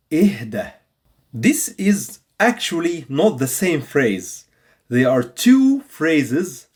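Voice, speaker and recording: A man teaching a video language lesson, repeating example phrases slowly and patiently for learners. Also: on the high side, a little mellow, slightly rough. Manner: patient, instructive delivery.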